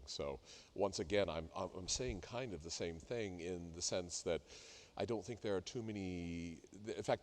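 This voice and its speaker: A middle-aged man coaching a singer in a masterclass, talking haltingly with many fillers and sung demonstrations. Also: deep voice. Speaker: vocal coach leading a masterclass. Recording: reverberant hall.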